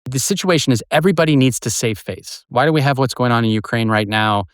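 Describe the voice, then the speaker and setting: A middle-aged man, a retired agent and author, explaining his methods in an animated way as an interview guest. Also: medium pitch, fast, smooth, dry recording, clean studio sound. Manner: animated, explains with examples and acted quotes.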